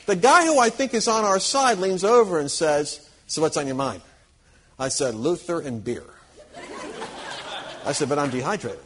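A man preaching to a live audience, telling lively anecdotes, acting out quoted people and chuckling as he goes. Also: fairly high pitch, normal speed, pauses often, slightly rough. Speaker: Christian conference speaker. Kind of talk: storytelling sermon to a live audience.

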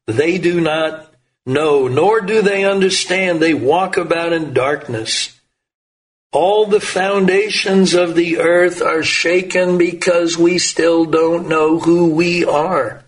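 A middle-aged man delivers a sermon at an unhurried, deliberate pace. His voice sits a little high for a man, and he leans into key words with emphasis, climbing higher when he quotes scripture. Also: steady tone, far from the mic, rough recording. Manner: slow, emphatic preaching that rises in pitch on quoted lines. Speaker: preacher.

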